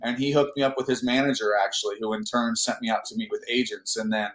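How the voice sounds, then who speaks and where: A man's voice: on the low side, little pitch movement, fast talker, a bit bright, reverberant, low-quality recording. A man from Northern California, an actor telling a long story in a casual interview, rambling with many fillers and restarts.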